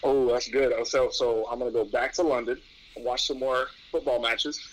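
A young man from New York answering questions in a casual interview, relaxed and rambling, with frequent restarts and laughs. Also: mid-range voice, normal speed, a little hiss or hum, rough recording. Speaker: interview guest, pro athlete.

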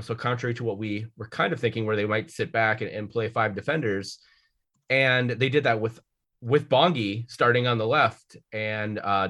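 A man in his thirties with a fairly low pitch and fairly bright tone hosts a casual sports podcast. He rambles through match recaps, swearing, restarting often, and correcting himself.

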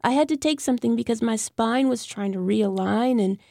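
A woman's voice: fairly high pitch, brisk, creaky, dark tone, no echo, clean studio sound, voice pushed up. A woman voicing a drunken middle-aged actress mother who slurs, whines and makes demands. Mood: whining. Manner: slurred, whining, demanding.

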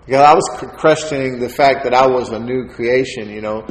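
A man giving a sermon testimony as a preacher, telling his story in an animated way and acting out the voices of the people in it. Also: mid-range voice, a little fast, few pauses. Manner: animated storyteller, acts out quoted voices with laughter. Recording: echoey hall with faint ambience.

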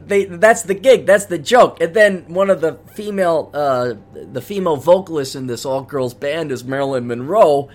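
A middle-aged man hosting a podcast, telling a rambling story in a casual monologue with many restarts. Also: on the high side. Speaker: podcast host.

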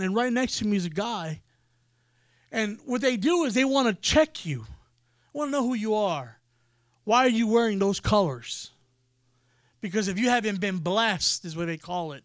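A man preaching, telling a story in an animated way and acting out the people in it. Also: high-pitched, dry recording, studio quality. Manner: animated storyteller, acts out quoted voices. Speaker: pastor. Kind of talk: sermon storytelling.

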